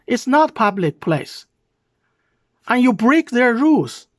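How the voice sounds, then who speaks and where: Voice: mid-range voice, big pitch swings, takes it slowly. Heated commentator with a Chinese accent. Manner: keeps asking "okay?", explains word by word, heated and accusing. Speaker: video commentator. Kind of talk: reaction commentary over a video clip.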